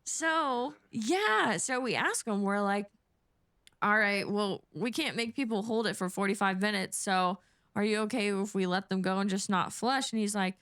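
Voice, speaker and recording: A woman flight attendant tells a story in quick, lively casual talk. Her pitch sits in the middle, and the sound is dry and close to the mic. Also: clear, resonant tone, no room sound. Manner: fast, animated, acts out quotes.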